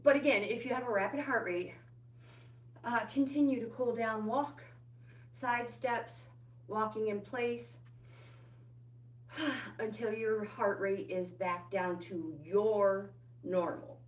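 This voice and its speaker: Slow-talking middle-aged woman coaching a workout. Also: on the high side, steady tone. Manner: chatty and encouraging, calls out viewer names. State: slightly out of breath. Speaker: fitness livestream host. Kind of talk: live walking workout coaching. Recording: roomy indoor echo.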